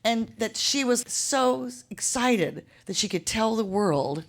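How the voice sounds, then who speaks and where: A woman hosting a live stage interview, chatty and animated with quick asides. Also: a little high. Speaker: host. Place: live venue with audience. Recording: live show with crowd and noise.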